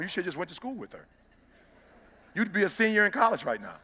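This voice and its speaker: A middle-aged man, giving a motivational speech that swings from hushed storytelling to loud exhortation. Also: sits high, very animated, fast talker, long pauses, slightly rough. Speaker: motivational speaker. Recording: long hall reverb.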